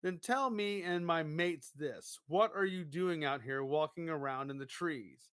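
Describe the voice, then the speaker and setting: Casting note: man doing a sneering biker thug from a storybook, bright and a touch high, dry sound. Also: smooth, no room sound. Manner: sneering, slow and suspicious. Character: gruff Australian male biker thug.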